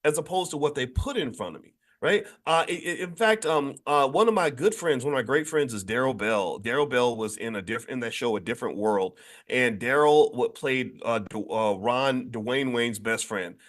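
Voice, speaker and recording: Animated man lecturing on money. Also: moderate pace, few pauses. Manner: animated and emphatic, frequent restarts and repeated words; pitch jumps high when stressing a point. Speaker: finance educator hosting a daily morning show. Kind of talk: casual spoken talk to an online audience.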